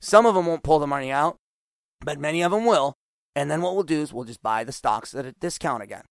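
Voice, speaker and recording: A man in middle age, host of a solo money podcast, with a fairly high voice. He talks with lively, animated energy, coaching his listeners directly. The sound is dry and close, with no room around it. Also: fairly quick, vocal fry, no room sound.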